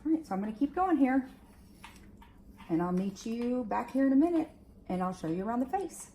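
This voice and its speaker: A woman hair stylist walks viewers through curling a wig, chatting casually and filling her talk with "like" and "okay". Her voice is high, very animated, fairly quick and warm, recorded in a roomy space with a little hiss or hum.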